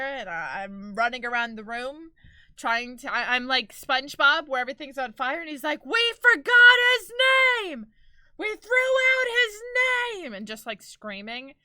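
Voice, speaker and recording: Bright-voiced chatty woman streamer. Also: on the high side, smooth, no room sound. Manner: chatty, expressive, laughs often. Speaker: live streamer. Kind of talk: casual live-stream chat.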